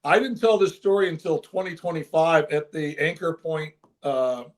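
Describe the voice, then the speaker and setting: An older man, a former baseball manager, telling an emotional story in an interview with earnest, animated delivery. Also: on the high side, normal speed. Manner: earnest, animated, with frequent restarts.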